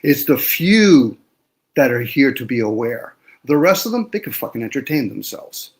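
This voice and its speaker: A man in a loose panel discussion who lectures with heavy profanity. He swings between quiet asides and loud, pressing bursts. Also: mid-range voice, sing-song, moderate pace.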